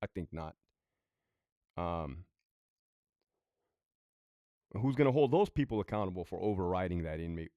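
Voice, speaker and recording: A blunt, profane man spins a story from his years as a prison sergeant. His pitch swings widely up and down as he talks. The sound is close and dry. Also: expressive, unhurried, pauses often, dark tone, no echo. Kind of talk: casual storytime monologue.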